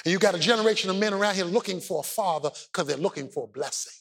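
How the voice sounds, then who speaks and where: A male pastor preaching a sermon, building from steady teaching to fervent, shouted exhortation. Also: high-pitched, racing, gravelly.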